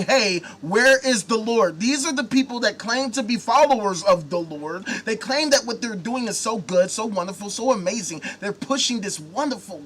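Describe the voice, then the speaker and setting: Host, male, high bright voice, furious profane rant, sarcastic. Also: slight background noise. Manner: angry, sarcastic, heavy swearing. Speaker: talk show host. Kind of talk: profane live-stream rant.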